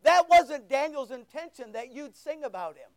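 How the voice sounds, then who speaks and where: High-voiced impassioned preacher. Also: lively intonation, normal speed, no room sound. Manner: impassioned and emphatic, swinging between loud and hushed. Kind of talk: sermon.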